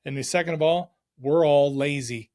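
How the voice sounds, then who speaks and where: A man's voice: fairly high pitch, normal speed, darkish tone, lightly acted. A man retelling a blunt older oil field supplier. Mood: frank.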